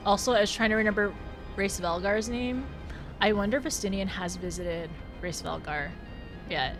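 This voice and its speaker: A woman's voice: mid-range voice, normal speed, over music. A woman livestreaming a game, chatting casually with viewers, giggling often and tripping over her words. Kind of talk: casual live-stream chat while gaming.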